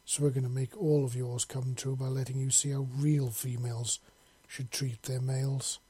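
A man voicing a gentle alien woman with mandibles and tusks, speaking in a soft, purring way in a storybook reading. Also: mid-range voice, little pitch movement, moderate pace, breathy edge, natural voice. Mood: soft, tender.

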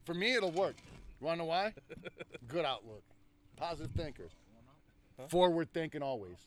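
Loud profane man with a lively, animated voice. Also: a little high, moderate pace. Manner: loud, profane, playfully boastful. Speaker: podcast co-host. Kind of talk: rowdy casual banter.

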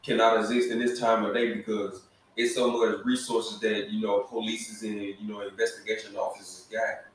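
A man co-hosting a podcast in casual chat, talking in an excitable, profane, emphatic way. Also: on the low side, normal speed, slight background noise. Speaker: podcast co-host. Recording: echoey room, distant mic.

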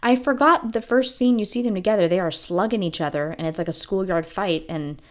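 A woman co-hosting a podcast in casual chat, talking with enthusiastic, animated energy. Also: medium pitch, brisk. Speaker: podcast co-host.

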